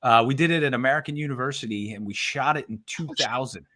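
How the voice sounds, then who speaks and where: A man's voice: mid-range voice, fast, sharp tone. A man with a Philadelphia accent, an actor guest chatting in an easygoing, enthusiastic way with many fillers. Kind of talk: casual interview chat.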